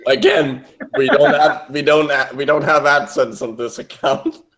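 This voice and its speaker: A man's voice: medium pitch, fairly even intonation, normal speed, fairly bright tone. A man chatting casually in a group talk, rambling and stumbling over his words. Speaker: podcast co-host.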